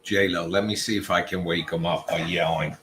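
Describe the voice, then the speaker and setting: A man's voice: low voice, steady tone, normal speed, heavy background noise. A man hosting a casual livestream chat, teasing and joking with his viewers. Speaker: livestream host.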